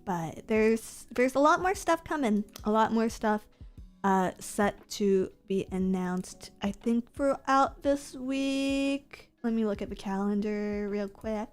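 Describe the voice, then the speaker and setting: A woman's voice: mid-range voice, slow pace, clear, resonant tone, soft background music. A woman VTuber streamer chatting casually with her viewers, playful and self-mocking, often breaking into giggles. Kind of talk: casual stream chat reading comments.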